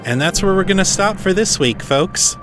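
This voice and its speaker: A man narrating his own story as author and podcast host, with steady, plain storytelling. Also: sits high, normal speed, music in the background. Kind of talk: audiobook narration.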